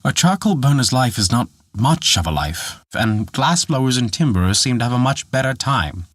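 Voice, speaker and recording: A man's voice: mid-range voice, sing-song, moderate pace, fairly bright tone, no room sound, studio quality. A man voicing an eager, discontented young charcoal burner who pleads for wishes.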